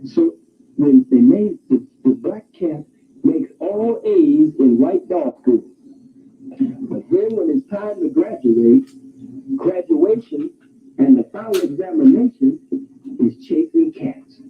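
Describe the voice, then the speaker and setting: A man lecturing with fervor, telling a long animated fable and raising his voice to a shout now and then. His voice sits high, and the sound is squeezed and phone-like, as if from an old tape. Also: takes it slowly, gravelly. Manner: animated storytelling, occasional shouting. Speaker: speaker. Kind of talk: impassioned lecture. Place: campus hall. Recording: tinny phone-like archive recording.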